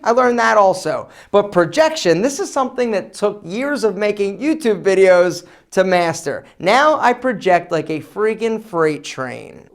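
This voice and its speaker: A man hosts an advice vlog, speaking straight to the viewer. His delivery is energetic and emphatic, and his pitch swings widely as he punches out his points. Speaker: men's style channel host. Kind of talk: casual advice vlog to camera.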